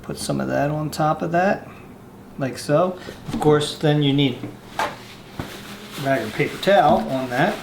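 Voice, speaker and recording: A man hosting a casual cooking show outdoors, walking through a recipe step by step in a relaxed way. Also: a little high, measured pace, gravelly, long pauses, reverberant, noisy background. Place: outdoors, windy.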